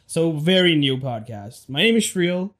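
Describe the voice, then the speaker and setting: A young man with a notably high voice co-hosts a casual podcast. He tells stories about home life and keeps breaking into giggles. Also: big pitch swings, a little slow, fairly bright tone. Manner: giggly, storytelling, laughs often. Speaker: podcast co-host. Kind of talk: casual chat.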